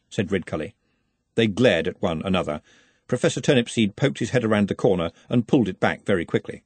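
A man narrates an audiobook in a dry, measured manner. His voice has a husky texture and a lively, rolling pitch. It is recorded on a close mic in a dead, dry room. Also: dry recording.

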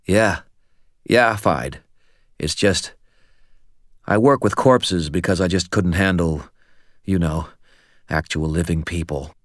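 In an audiobook reading, a man puts on a jittery young medic whose voice comes out thick and clogged, as if through a swollen nose. He rambles and hesitates, earnest and a little shaken, pitched a touch above a deep, dry narrating voice. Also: slow, pauses often, no echo. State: thick, slurred, stuffed-up voice from a broken nose. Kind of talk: audiobook character voice.

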